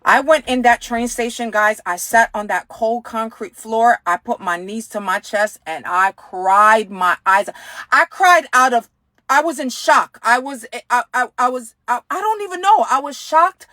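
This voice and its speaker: A woman's voice: on the high side, expressive, a little slow, sharp tone, no room sound. A woman telling a personal testimony in earnest, speaking straight to her viewers as a ministry speaker.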